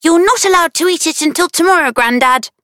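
A woman's voice: very high-pitched, fairly quick, fairly bright tone, no room sound, studio quality, pitched above the performer's own voice. A woman voicing a firm, bossy five-year-old girl.

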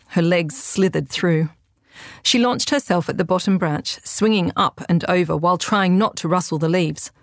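A woman's voice: on the low side, no room sound, studio quality. Woman reading a children's story. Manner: clear, steady storytelling. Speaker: author and narrator. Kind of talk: audiobook narration.

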